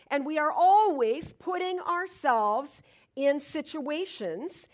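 High-voiced woman giving a spiritual talk, swoops up and down a lot, acts out little stories. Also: takes it slowly. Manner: animated storytelling, acts out moments. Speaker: spiritual speaker.

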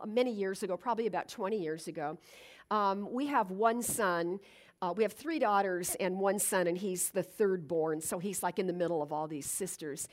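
Earnest woman with a lively voice. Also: medium pitch. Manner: earnest and reflective, with fillers and restarts. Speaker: speaker. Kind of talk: inspirational talk.

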